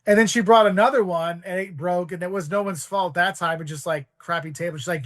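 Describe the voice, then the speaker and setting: A man's voice: high-pitched, a little fast, few pauses, a bit bright, dry recording, clean studio sound. A man in his forties, a guest on a podcast, rambling through travel stories and acting out voices in quotes. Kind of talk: casual storytelling.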